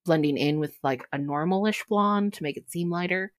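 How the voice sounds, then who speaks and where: A woman narrating as game master in a tabletop role-play, unhurried and halting, with giggly asides. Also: lowish voice, no echo, clean studio sound.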